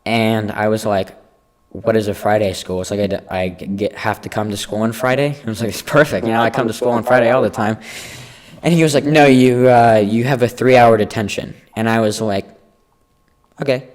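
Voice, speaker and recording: Animated teen guy telling a story. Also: on the low side, brisk. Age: teens. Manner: animated, acts out quoted people. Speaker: podcast co-host. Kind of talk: casual storytelling.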